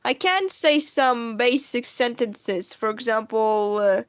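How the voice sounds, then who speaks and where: A woman's voice: a little high, slow, smooth, dry recording. A young woman, a native Russian speaker with a Russian accent, chatting casually on a stream and reading out chat questions.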